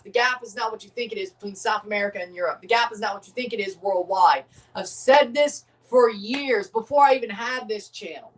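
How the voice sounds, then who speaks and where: A man hosting a live watchalong of a football match, excitable and opinionated, often exclaiming and laughing at the action. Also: sits high, fairly quick, far from the mic. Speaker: livestream host reacting to a match.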